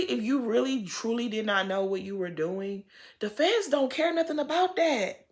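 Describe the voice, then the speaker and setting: Woman with a lively, swooping recap voice. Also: fairly high pitch, moderate pace. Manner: expressive and sympathetic, talks straight to the people on screen. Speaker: TV recap host. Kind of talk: casual reality-TV recap commentary.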